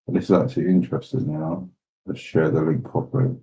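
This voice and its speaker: A man hosts a loose, chatty commentary, reacting to clips and laughing along. His voice sits low and dark, mellow rather than bright. He swears casually and keeps it relaxed. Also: fast talker, vocal fry, low-quality recording. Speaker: host reacting to videos.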